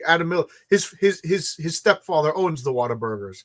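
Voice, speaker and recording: A tired man with a fairly high voice tells stories in a loose, rambling way, restarting his sentences and repeating words. He talks casually, as if chatting late at night with friends. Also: expressive, a little fast. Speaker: comic book creator hosting a launch stream.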